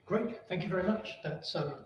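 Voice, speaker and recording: A man chairing an academic seminar and asking questions, halting, with many fillers and repeated words, over a video call. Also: sits high, animated. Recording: distant, roomy, dull and lo-fi, faint noise.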